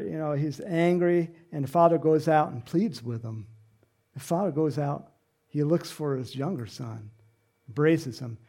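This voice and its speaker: A man's voice: on the high side, creaky, a little mellow. A man preaching a sermon, telling the story dramatically with asides and questions to the congregation.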